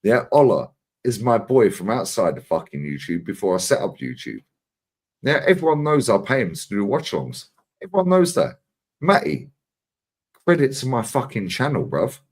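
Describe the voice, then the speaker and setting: Animated host swearing through stories. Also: male voice, fairly low pitch, moderate pace. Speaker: channel host. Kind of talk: casual live chat.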